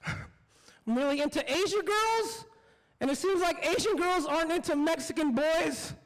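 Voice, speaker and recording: Laid-back male stand-up from San Francisco, strikingly high voice, stage mic with a long outdoor reverb. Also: normal speed. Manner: laid-back, addresses crowd as "guys". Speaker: stand-up comedian. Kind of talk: stand-up set. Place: outdoor city plaza stage.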